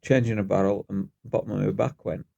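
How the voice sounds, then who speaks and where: Very gravelly Yorkshire man, dry humour. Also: fairly low pitch, steady tone, brisk, warm tone, lo-fi sound. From Yorkshire, England. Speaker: podcast co-host. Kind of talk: casual chat, telling anecdotes.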